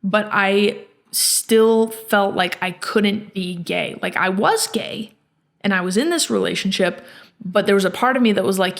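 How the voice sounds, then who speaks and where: Female podcast host, gravelly fry, halting reflective storytelling with frequent restarts. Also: mid-range voice, fairly bright tone.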